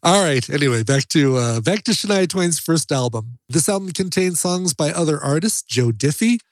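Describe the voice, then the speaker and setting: A man hosting a music podcast in casual chat, animated and playful, laughing often. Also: fairly high pitch, moderate pace, no echo. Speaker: podcast host.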